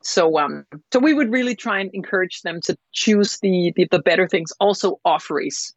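A woman chef, a guest on an interview show, telling stories in a lively, rambling way with lots of fillers. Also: lowish voice, moderate pace, dry recording. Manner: animated, rambling storyteller with many fillers. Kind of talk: casual interview storytelling. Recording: slightly dull lo-fi sound.

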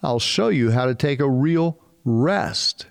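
Male pastor, mid-pitched voice, casual animated sermon, slangy asides. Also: slow, vocal fry, smooth.

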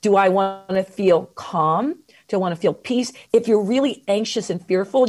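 Expressive woman guest, mid pitch, talks self-care advice with lively emphasis and slow stressed phrases. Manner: expressive, animated, slows down for emphasis. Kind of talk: conversational interview advice.

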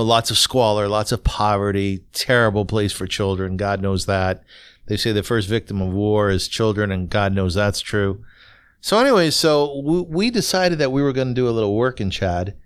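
Smooth-voiced middle-aged man telling stories. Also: lowish voice, a bit bright, no echo, studio quality. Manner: conversational storyteller, frequent fillers and restarts, blunt. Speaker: podcast host telling his own story. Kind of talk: solo podcast monologue.

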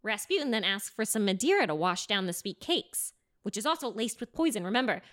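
A woman casually telling a history story to a co-host, animated and laughing often. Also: mid-range voice. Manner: animated, laughing, acting out characters in quick asides.

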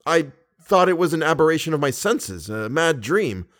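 A man's voice: on the high side, very animated, normal speed, a bit bright, voice pushed up. A man voicing an anxious, impatient young nobleman in an audiobook reading, with an urgent, pleading manner. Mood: astonished.

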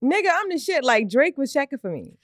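Animated woman in casual podcast chat. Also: sits high, brisk, no echo, clean studio sound. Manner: animated, swearing, laughs often. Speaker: podcast co-host.

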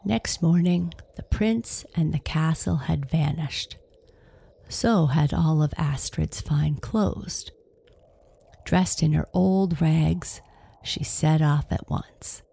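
Slow, gravelly woman storyteller. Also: sits low, dark tone. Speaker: narrator. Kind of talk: storybook narration.

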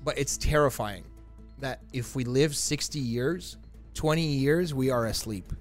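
A man co-hosting a podcast in casual banter, pitching his ideas with eager insistence. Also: a little slow, faint music behind. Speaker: podcast co-host.

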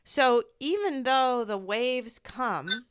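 A woman's voice: on the high side, lively intonation, slow pace, clean tone. A woman who works in medicine, hosting a candid conversation about grief, telling stories with heartfelt feeling and acting out what others said. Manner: heartfelt, storytelling, acts out quoted voices. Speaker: medical provider.

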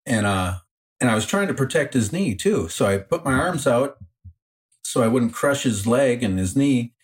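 A man's voice: mid-range voice, animated, normal speed. A man co-hosting a podcast, recounting a story in a plain, matter-of-fact way. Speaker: podcast co-host. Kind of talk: casual chat.

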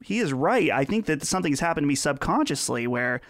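A man's voice: on the high side, big pitch swings, a little fast, fairly bright tone, dry recording, studio quality. A man co-hosting a casual podcast, teasing and playfully defending himself. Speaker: podcast co-host. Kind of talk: casual chat.

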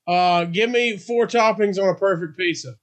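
A man hosting a casual interview, laughing along and firing off quick questions. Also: sits high. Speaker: host.

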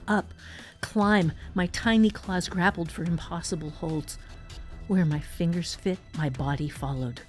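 A woman reading a short story aloud in first person, tense with hushed passages. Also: low voice. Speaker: narrator. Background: faint background music.

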